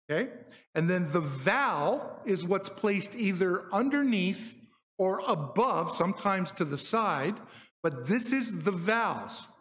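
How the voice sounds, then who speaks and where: High-voiced man teaching in a reverberant hall. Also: a bit bright. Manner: explanatory, conversational, frequent "okay?" check-ins. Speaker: Bible teacher. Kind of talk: Bible teaching on Hebrew words.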